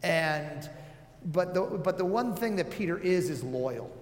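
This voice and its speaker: Preaching in a relaxed, chatty manner, this man keeps a measured pace and scatters fillers and joking asides throughout his talk. For a male voice it sits slightly high. The recording comes from a large, echoing hall with long reverb.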